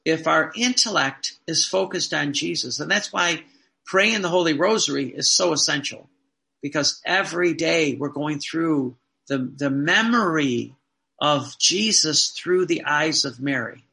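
A man's voice: fairly high pitch, measured pace, creaky, sharp tone. A man, a Catholic priest, preaching a sermon earnestly, repeating phrases and asking the listeners rhetorical questions.

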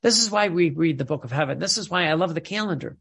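A man's voice: fairly high pitch, animated, quick pace, vocal fry, fairly bright tone, breathy edge. A man preaching a sermon with fervor, reading quotations aloud with rising emphasis.

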